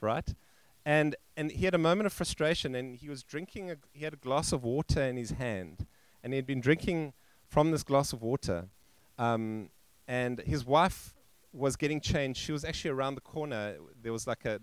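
A male pastor telling a story in a sermon, halting and restarting, and acting out the quoted voices. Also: mid-range voice, clean tone, dry recording. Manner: halting, with frequent restarts and fillers. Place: church.

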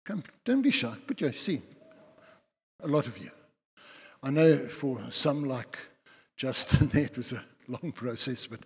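A man preaching a sermon to a congregation, animated and joking with his listeners. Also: medium pitch, unhurried, long pauses, husky. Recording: long hall reverb.

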